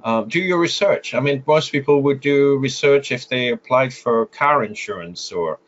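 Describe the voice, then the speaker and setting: Animated and at a moderate pace, a mid-range male voice with a French accent gives advice as a guest photographer in an interview. He explains with frequent fillers and restarts. The lo-fi audio sounds slightly muffled.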